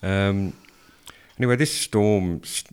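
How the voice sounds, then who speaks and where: Very deep-voiced Australian man. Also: slow, clean tone. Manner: relaxed, wry storytelling. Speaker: radio storyteller. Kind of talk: casual anecdote on radio.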